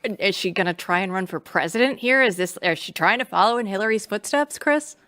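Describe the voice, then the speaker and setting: A woman hosts a news talk show with a brisk, upbeat delivery. She trades banter with a guest and then slides into a read for a sponsor. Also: mid-range voice, lively intonation, fairly bright tone. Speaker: host.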